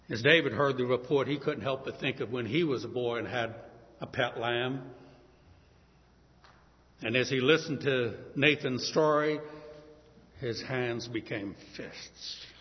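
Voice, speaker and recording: A preacher telling a story in a sermon, acting out the characters' voices and swinging between loud calls and hushed lines. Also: male voice, medium pitch, unhurried, long pauses. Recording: muffled recording in a reverberant hall.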